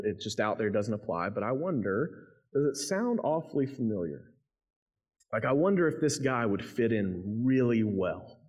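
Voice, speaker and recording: A man's voice: on the low side, a little mellow. A man preaching a sermon, reading scripture and then explaining it in a conversational, emphatic way. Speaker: pastor.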